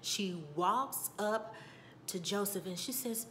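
Slow-paced and mid-range, this woman's voice comes with background noise. She's a vlogger giving a casual recap and review of a TV episode, narrating it as a story and performing the characters' lines with exclamations.

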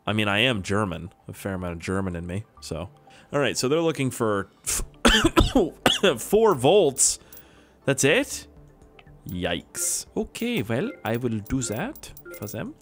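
A young man giving casual, jokey commentary on his own gameplay, talking to himself with sudden high-pitched outbursts. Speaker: gaming YouTuber.

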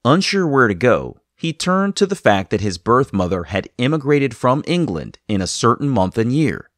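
A man hosts a podcast and narrates a guest's story in measured, scripted passages. His pitch moves lively up and down. The recording is dry and close to the mic. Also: dry recording. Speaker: podcast host.

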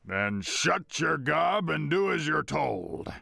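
A man's voice: on the high side, big pitch swings, takes it slowly, vocal fry, pushed and bright, no echo, clean studio sound, exaggerated voice. A man doing a growling bully of a ship's cook. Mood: threatening. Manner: growling, threatening.

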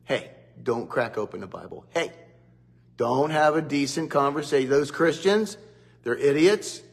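A man's voice: medium pitch, animated, unhurried, vocal fry, breathy edge, in a large hall, exaggerated voice. Satan as a casual schemer, put on by a man, coaxing and scornful, in a near-normal voice.

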